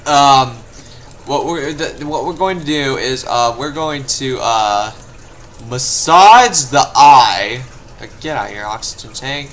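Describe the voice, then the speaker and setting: A man's voice: mid-range voice, takes it slowly, long pauses, a little hiss or hum. A young man commenting on his own gameplay, muttering to himself and breaking into frustrated outbursts. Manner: frustrated, swings from mumbling to yelling. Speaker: gameplay video host. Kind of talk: let's play commentary.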